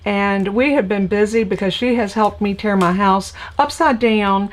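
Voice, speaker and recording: A woman's voice: medium pitch, normal speed. Chatty older Southern woman host. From United States. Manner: chatty, folksy, greets viewers by name. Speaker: crafting channel host. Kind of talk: casual live-stream chat.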